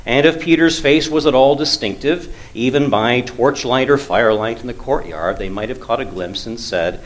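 A man teaching through a Bible passage in a conversational way, with frequent fillers and lively emphasis. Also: medium pitch, normal speed, hardly any pauses.

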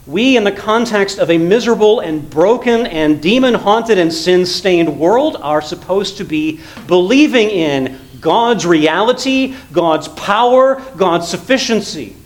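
A male pastor preaching an earnest sermon, rising to emphatic lines and dropping to quiet, low passages. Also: animated, unhurried, hardly any pauses, poor audio. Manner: earnest preaching, swells loud then drops to quiet low tones.

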